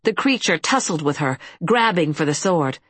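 A woman narrating an audiobook in a steady, even storytelling manner. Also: deep voice, normal speed, husky, dry recording. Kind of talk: scripted fantasy narration.

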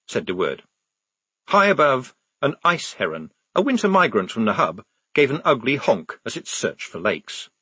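A man's voice: medium pitch, very animated, moderate pace, fairly bright tone, breathy edge, no room sound. A man reading a comic novel aloud with dry, wry delivery on a close studio mic. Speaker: narrator. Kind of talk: audiobook narration.

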